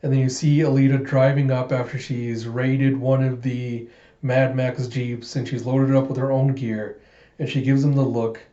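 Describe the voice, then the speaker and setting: A man hosting a comic book readthrough, retelling the story in an animated, laughing way. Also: mid-range voice, normal speed. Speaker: channel host. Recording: muffled echoey room.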